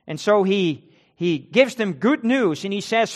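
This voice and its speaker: A man's voice: high voice, animated, a little slow, hardly any pauses. A man preaching a sermon, repeating key words and reading scripture with rising emphasis.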